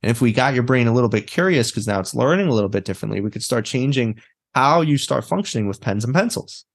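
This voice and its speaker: Fast and expressive, with a mid-range, creaky voice, this man is a therapist and mindset coach appearing as a guest in a casual interview. He's blunt and animated and swears without holding back.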